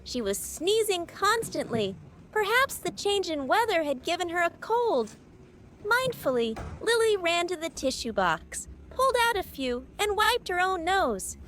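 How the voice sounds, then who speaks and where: A woman narrating a storybook tale in a slow, sing-song manner. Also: very high-pitched, big pitch swings, a bit bright, slight background noise.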